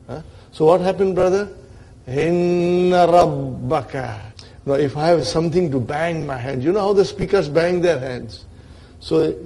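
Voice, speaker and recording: A man's voice: fairly high pitch, vocal fry, a little mellow. A man teaching an Arabic grammar class in lecture style, often checking in with his listeners.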